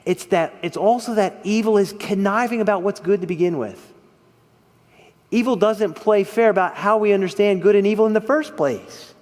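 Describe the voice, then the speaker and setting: High-voiced preacher man in a reverberant hall. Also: normal speed. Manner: expressive, rises and drops in volume for emphasis. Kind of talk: sermon. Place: church hall.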